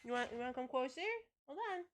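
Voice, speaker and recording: A woman's voice: sits high, quick pace, a little hiss or hum. A woman game streamer chatting casually to her live chat, rambling and swearing freely.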